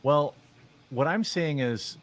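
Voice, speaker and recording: A man's voice: a little high, lively intonation, takes it slowly. A man giving opinionated commentary on video clips in a sarcastic, mocking, rambling way with many fillers. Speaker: commentary vlogger.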